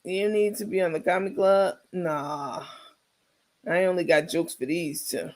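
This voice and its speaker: A woman's voice: on the low side, steady tone, measured pace, darkish tone. A woman giving casual comedic reaction commentary, sassy and laughing, talking straight to her viewers.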